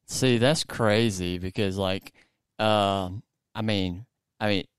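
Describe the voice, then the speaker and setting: Male host, casual interview chat, low voice, clear and resonant, rambling with fillers. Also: fairly even intonation, slow, dry recording, clean studio sound. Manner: rambling, many fillers and restarts. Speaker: podcast host.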